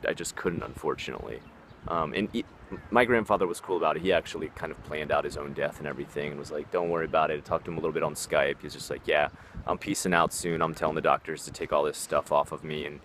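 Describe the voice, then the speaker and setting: A man's voice: very deep voice, fairly bright tone. A young man talking casually in a vlog, rambling with lots of fillers and swearing, recorded outdoors in a park. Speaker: vlogger giving tips on life abroad. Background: faint traffic and outdoor ambience.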